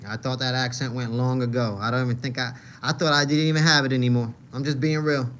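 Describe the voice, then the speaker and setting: A man with a New York accent chats loosely on his livestream, reading viewers' comments aloud. He talks in a mid-range voice and circles back to repeat his own lines. His delivery is relaxed and full of filler. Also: medium pitch, fast talker, a little hiss or hum. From Manhattan, New York. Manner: rambling, repeats himself, frequent "you know what I mean". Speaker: livestream host reading chat. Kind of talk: casual livestream chat.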